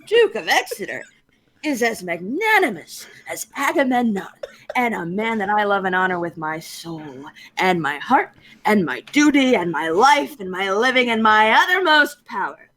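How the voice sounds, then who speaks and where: A woman's voice: medium pitch, very animated, normal speed, fairly bright tone. A woman reading a long-winded, earnest army captain in a casual live-streamed Shakespeare reading, lecturing in a wordy, fussy way.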